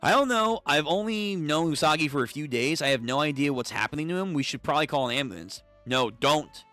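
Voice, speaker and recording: A young man hosting a live comic read-through, reading all the parts in an animated, casual voice that swears freely. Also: on the high side, a little fast, soft background music. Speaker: streamer reading manga.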